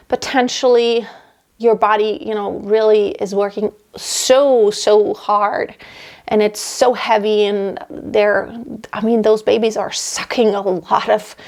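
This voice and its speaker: A woman's voice: fairly high pitch, darkish tone. A woman in her thirties, out of breath, chatting in a rambling way with many restarts in a casual pregnancy update from her home workroom. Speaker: vlogger.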